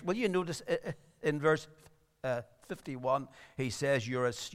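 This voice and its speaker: A man's voice: on the high side, long reverb tail. A man preaching a sermon, earnest and rising to emphatic appeals.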